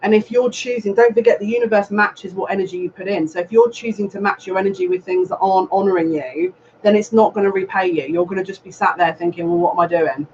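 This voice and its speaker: High-voiced man giving a tarot reading. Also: quick pace, darkish tone. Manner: earnest, repetitive, advising directly. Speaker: psychic reader. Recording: dull lo-fi sound with faint noise.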